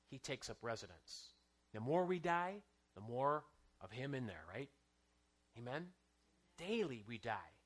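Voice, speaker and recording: Male preacher, fairly high and animated, bright tone; chatty sermon with self-deprecating humor. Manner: conversational, self-mocking humor with frequent "right?" asides.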